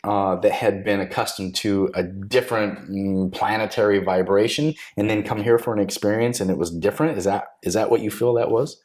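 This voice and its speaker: A man's voice: on the low side, steady tone, a little fast, few pauses, darkish tone. A man hosting a casual interview, asking curious questions and encouraging his guest with short affirmations. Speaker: podcast host.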